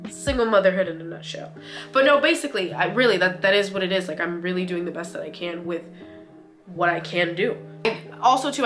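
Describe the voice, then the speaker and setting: A woman's voice: on the low side, sharp tone. A young woman vlogger and single mother, talking in a casual, candid and slangy way with lots of fillers. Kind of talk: casual sit-down vlog talk.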